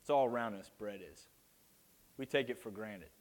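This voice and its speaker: A man's voice: on the low side, moderate pace. A man preaching a sermon with playful jokes to a live audience after an opening prayer.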